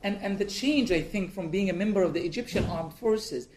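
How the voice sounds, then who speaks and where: A man, the author and guest, reads from his book in a measured, deliberate way and answers questions in halting speech with many restarts. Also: high-pitched, noisy background. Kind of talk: reading aloud from his book, then interview answers. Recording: echoey room.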